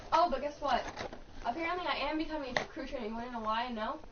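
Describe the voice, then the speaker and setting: Young woman, high voice, rapid rambling storytelling, swears a lot, distant, muffled, faint hiss. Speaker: fast-food worker. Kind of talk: casual chat, rambling story.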